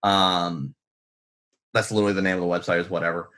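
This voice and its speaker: A man's voice: low voice, level tone, fairly quick, fairly bright tone. Rambling, swearing man telling stories. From United States. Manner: rambling, profane, self-deprecating, full of ums. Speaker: guest author. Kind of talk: casual storytelling in an interview.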